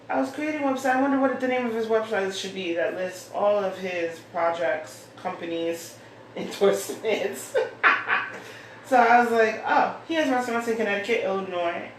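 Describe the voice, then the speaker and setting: A woman hosting her own show, chatting casually and rambling as she reads out mail she has been sent. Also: mid-range voice. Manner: rambling, chatty, thinks aloud. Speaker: host. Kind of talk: casual solo chat, reading out mail. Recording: echoey room, far from mic, faint hiss.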